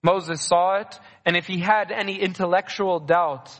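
A man's voice: sits high, fairly even intonation, moderate pace, a bit bright. A man preaching a sermon earnestly, repeating key phrases for emphasis. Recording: long reverb of a large hall.

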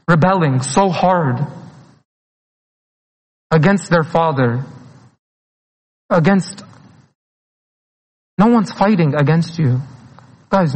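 High-voiced preacher in a reverberant hall. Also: male voice, slow pace, pauses often. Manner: earnest, pleading, mixes in Arabic phrases, laughs between lines. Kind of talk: sermon.

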